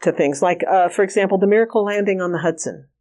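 A woman's voice: mid-range voice, fast talker, warm tone. A woman guest in an interview, earnestly telling personal stories in a candid, conversational way with frequent restarts. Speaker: interview guest, remote viewing trainer.

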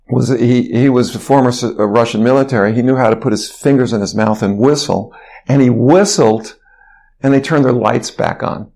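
A man being interviewed, telling a personal story in an animated way with frequent restarts. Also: medium pitch, a little fast, vocal fry. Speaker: interview guest.

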